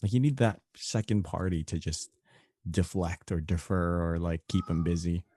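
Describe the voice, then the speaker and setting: A man chats casually and wryly in a very low voice. The tone is dark and husky. It is recorded close and dry. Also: moderate pace, no room sound. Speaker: podcast co-host. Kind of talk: casual chat recapping a reality show.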